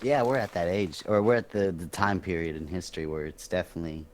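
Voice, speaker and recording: A man's voice: sits low, fast talker, a little mellow, a little hiss or hum. A man in casual podcast banter, earnest and lecturing.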